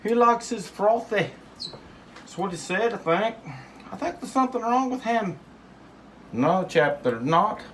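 A man voicing a squeaky, prissy male busybody with a mock-offended, sing-song way of talking, in a noisy home recording. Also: expressive, unhurried, long pauses, fairly bright tone.

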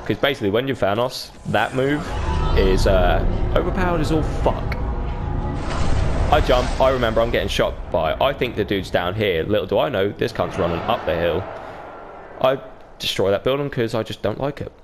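Over music and noticeable background noise, a man with a fairly low, animated voice comments on his own gameplay at a moderate pace. He's a gaming YouTuber whose relaxed commentary is full of swearing, and he mimics other people.

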